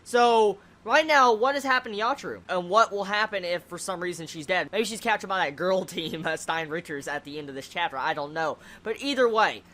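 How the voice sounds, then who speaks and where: A manga reviewer in a loose, unscripted rant, voice pitched in an ordinary middle range. They speak bluntly, curse often and pile up rhetorical questions, stumbling into restarts as they go. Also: brisk, few pauses. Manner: blunt, swears freely, animated. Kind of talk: casual chapter review rant.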